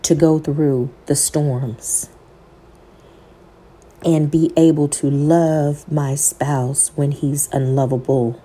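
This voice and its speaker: A woman's voice: sits low, steady tone, slow pace, warm tone, slightly rough. A woman podcast host telling an emotional, faith-filled personal story, talking to listeners as y'all and quoting scripture in a sermon cadence.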